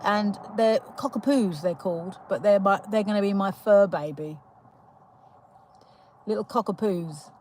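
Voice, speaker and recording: A chatty young British woman runs a relaxed livestream, giggling often, with a filler or a restart in almost every line. Her voice sits at an everyday middle pitch, and a faint hum of background noise runs underneath. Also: a little slow, low-quality recording. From United Kingdom. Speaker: livestream host. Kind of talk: casual live chat greeting viewers.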